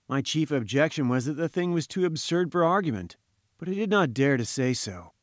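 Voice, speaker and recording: A man reading first-person audiobook narration in a measured, wry manner. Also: a little high, lively intonation, dry recording, studio quality. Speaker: audiobook reader.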